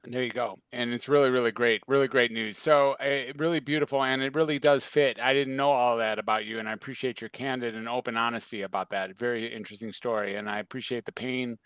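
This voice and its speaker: A man hosting a podcast, responding to his guest in an appreciative, measured way. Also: mid-range voice, steady tone, fairly bright tone, clear, resonant tone, no echo, rough recording. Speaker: podcast host. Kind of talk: interview talk.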